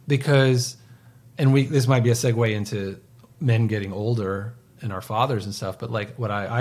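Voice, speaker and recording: A man in his forties co-hosting a podcast, talking in a rambling, casual way with lots of fillers and soft trailing endings. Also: fairly low pitch. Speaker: podcast co-host. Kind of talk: casual chat.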